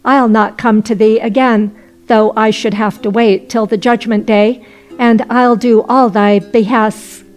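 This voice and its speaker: A woman's voice: on the high side, flat delivery, unhurried, a little mellow, natural voice. A woman reading as an indignant peasant man. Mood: pleading. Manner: indignant, demanding. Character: angry drunken peasant man.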